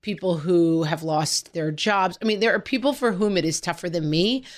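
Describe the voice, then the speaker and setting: A woman in her forties co-hosting a podcast in casual chat, telling stories with lively acted-out quotes. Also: on the low side, normal speed. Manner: animated storytelling, quoting family in character. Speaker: podcast co-host.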